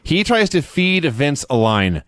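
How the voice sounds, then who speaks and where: A man's voice: a little high, very animated, measured pace, fairly bright tone, dry recording, studio quality. A man co-hosting a casual chat, telling stories with frequent laughter. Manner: laughing storyteller, acting out quotes. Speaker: podcast co-host.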